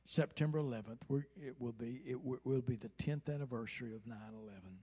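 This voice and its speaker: A man preaching a sermon from the pulpit of a church, who moves from quiet, hushed asides to slow, loud, soaring exclamations. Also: mid-range voice, slightly rough. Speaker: pastor. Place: church sanctuary.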